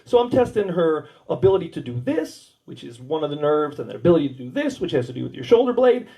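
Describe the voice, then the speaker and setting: High, lively American stand-up man. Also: fast, vocal fry, rough recording. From United States. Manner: crude, rambling anecdotes with acted-out dialogue. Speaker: stand-up comedian. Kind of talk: stand-up storytelling. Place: small warehouse comedy night.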